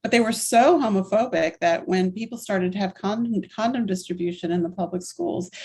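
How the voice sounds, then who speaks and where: A woman in her sixties speaks as a guest in an interview. Her delivery is candid and emphatic, and she strings her thoughts together in long, flowing runs. Her voice sits at a middling pitch for a woman. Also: a little mellow, slightly rough. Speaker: interview guest, activist and writer. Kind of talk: conversational storytelling interview.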